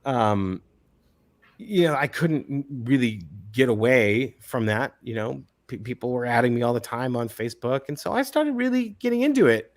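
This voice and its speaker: A man in his forties, an actor guest telling stories in a relaxed interview, often repeating words as he starts a thought. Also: mid-range voice, moderate pace. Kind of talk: casual interview chat.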